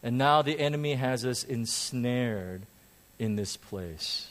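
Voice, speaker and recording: A man preaching a sermon in a church to a congregation, animated and self-deprecating, joking and repeating phrases for emphasis. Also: mid-range voice, takes it slowly. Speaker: pastor.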